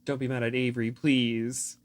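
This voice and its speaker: A man co-hosts a casual podcast, chiming in with brief, wry reactions to his partner's stories. His voice sits at an ordinary middle pitch. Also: level tone, normal speed. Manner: reactive, short wry interjections. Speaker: podcast co-host. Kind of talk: casual chat.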